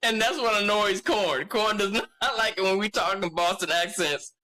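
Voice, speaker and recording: A man's voice: sits high, normal speed, bright, forceful tone. A man co-hosting a podcast, telling stories in casual chat and laughing often. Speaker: podcast co-host.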